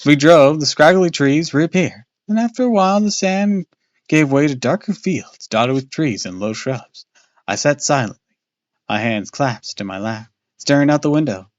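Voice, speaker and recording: A man's voice: on the high side, lively intonation, moderate pace, dry recording, highs cut off. A man casually reading a children's horror book aloud on a live stream, with small slips and restarts.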